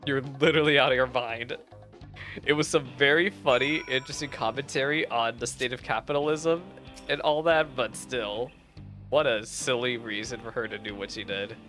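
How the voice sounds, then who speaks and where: A man's voice: medium pitch, normal speed, sharp tone, faint music behind. A man casually reacting to a video game's story as he plays, laughing and mock-outraged. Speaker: streamer playing a game.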